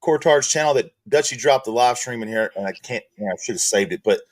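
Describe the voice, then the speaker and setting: A man's voice: medium pitch, fast talker. Angry man ranting on stream. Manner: angry, profane, repetitive restarts. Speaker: streamer host. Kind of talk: heated livestream rant.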